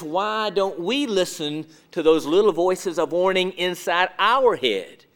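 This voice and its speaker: A male preacher with a fairly high voice builds his sermon through rhetorical questions. He swings from emphatic, louder phrases to low, hushed ones.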